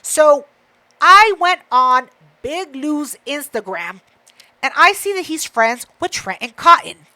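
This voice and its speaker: A woman co-hosting a podcast, telling a story in casual chat, profane and animated, acting out what others said. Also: high-pitched, slow. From Mexican heritage. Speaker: podcast co-host.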